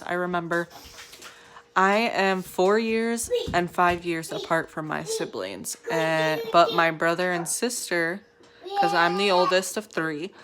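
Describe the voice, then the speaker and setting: A young woman, a mother of three, chats to camera in a loose, rambling vlog style, leaning on "like" and trailing off mid-thought. Her voice sits a little low for a woman. Faint household ambience hums underneath. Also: a bit bright, a little hiss or hum. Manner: chatty, rambling, lots of "like". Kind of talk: casual chat to camera.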